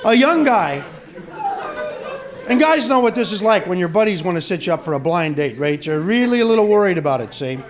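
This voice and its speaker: A man doing stand-up comedy, telling jokes with animated punchline delivery. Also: high voice, a little fast, a crowd in the background, noisy background. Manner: animated, punchline-driven storytelling.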